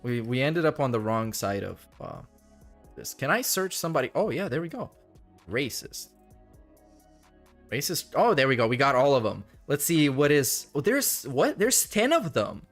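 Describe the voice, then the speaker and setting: Young male streamer, mock-offended and jokey, lively pitch, faint music under him. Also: normal speed. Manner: sarcastic, laughing, profane asides. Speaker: reaction streamer. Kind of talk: casual commentary.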